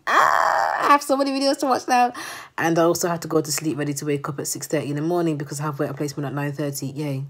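A young woman chatting casually to her phone camera in her bedroom, giggling often and drawing out her exclamations. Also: mid-range voice. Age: young adult. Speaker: vlogger. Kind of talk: casual vlog chat.

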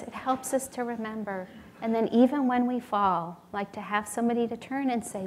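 A woman's voice: mid-range voice, normal speed, a little hiss or hum. A woman giving a sermon at a spiritual community temple, earnest and storytelling, acting out little voices in her anecdotes.

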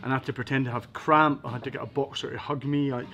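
A Scottish man telling his life story in a casual interview, quick and lively, acting out the people in his stories. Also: medium pitch. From Scotland. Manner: fast, lively storytelling with acted-out quotes.

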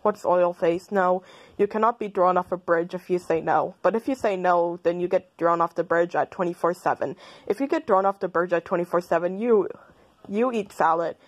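A woman's voice: lowish voice, moderate pace. A woman rambling through a playful, silly stream of consciousness, arguing back and forth with herself and giggling.

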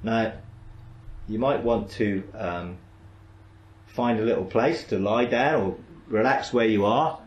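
A man's voice: on the low side, slow, dull audio. A man leading a faith meditation exercise in a chatty, rambling teaching style, with frequent asides and restarts. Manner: conversational, rambling, with frequent "you know" and restarts. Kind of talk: informal teaching session. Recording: roomy echo.

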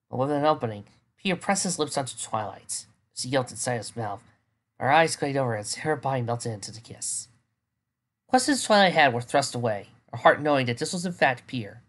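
A woman reading fan fiction aloud, with small stumbles and restarts. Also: extremely low pitch. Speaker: reader.

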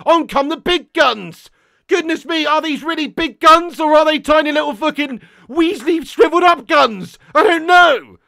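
Sweary high-pitched football fan ranting. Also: male voice, dry recording. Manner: angry, sweary, loud ranting. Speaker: football fan livestream host. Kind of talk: ranting live match watch-along.

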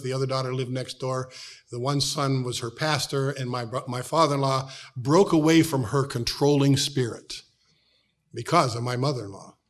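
A middle-aged man with an American accent, preaching a sermon as a pastor, telling stories and dropping from loud to hushed tones. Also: mid-range voice. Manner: storytelling, shifts from loud to hushed.

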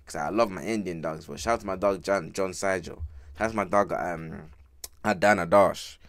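A man's voice: sits low, moderate pace, fairly bright tone. A man streaming a casual reaction, talking to his chat in slang and laughing often. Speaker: streamer reacting to a music video.

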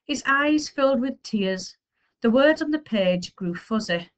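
Lady reading a kids' book aloud, really lively up-and-down voice. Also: fairly high pitch, unhurried. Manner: expressive storytelling. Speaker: story reader.

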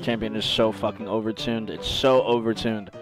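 A young man streaming a video game live, ranting and swearing at teammates, swinging from low mutters to shrieking outbursts. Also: level tone, moderate pace, rough recording. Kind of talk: live gameplay commentary. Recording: faint music behind.

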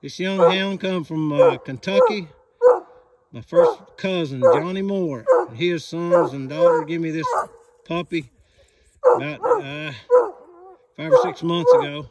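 An older man calls out to a hound and his granddaughter on a hunt in the woods, folksy and excited, filmed on a handheld camera. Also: high voice, unhurried. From West Virginia. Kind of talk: casual outdoor chat. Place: woods outdoors at night. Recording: noisy outdoors with barking dogs.

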